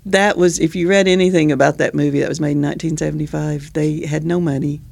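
A man co-hosting a casual chat, relaxed and quick to laugh. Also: a little high, vocal fry. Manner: laughs easily, relaxed and chatty. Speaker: podcast co-host.

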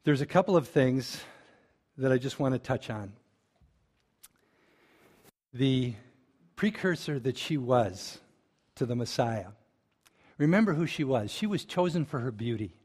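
A man preaching a sermon, retelling a story with lively asides to the congregation. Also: mid-range voice, measured pace, long pauses, breathy edge. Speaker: pastor.

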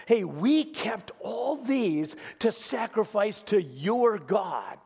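A man voicing a cheerful, boastful king who brushes things off in a loud, jovial, excited tone. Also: sits high, slow, gravelly, breathy edge, in a large hall, pitched above the performer's own voice, heavily acted. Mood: boastful, breezy. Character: cheerful boastful male king, breezy and self-satisfied.

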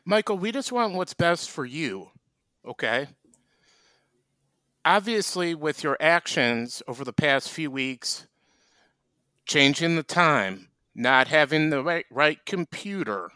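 A man co-hosting a comedy chat, delivering deadpan, mock-serious rants. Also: on the high side, slow, no echo. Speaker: co-host.

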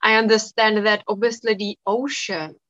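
A woman coach as a podcast guest, talking calmly and reflectively with plenty of "you know". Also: medium pitch, moderate pace, no room sound, highs cut off. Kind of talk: casual conversation.

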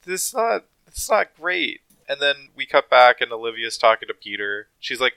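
Male podcast co-host, bright voice, animated, acts out scenes. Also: mid-range voice, normal speed, gravelly, few pauses, poor audio. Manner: animated recapping, acting out characters' lines. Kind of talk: casual podcast chat.

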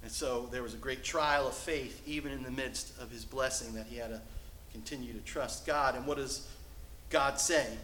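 A male pastor preaching a sermon from the pulpit, shifting between loud, emphatic lines and hushed, soft passages. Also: medium pitch, fairly even intonation, normal speed, reverberant, slight background noise, poor audio. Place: church sanctuary.

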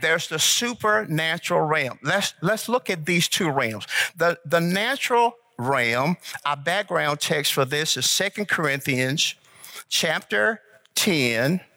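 A male pastor preaches in a slow, deliberate cadence, leaning hard on repeated phrases. His voice sits a little high and sounds bright and forceful. He keeps calling on the congregation to say the words back to him. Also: expressive. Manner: call-and-response, urging the congregation to repeat. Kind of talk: sermon.

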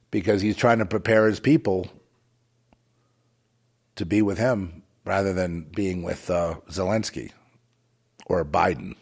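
A man delivering a rambling, moralizing monologue with a sardonic, digressive way of talking. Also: on the low side.

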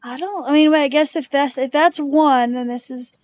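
A soft-spoken woman co-hosts a podcast in casual chat. Her voice sits fairly high, and she keeps her replies short and agreeable. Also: normal speed. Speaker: podcast co-host.

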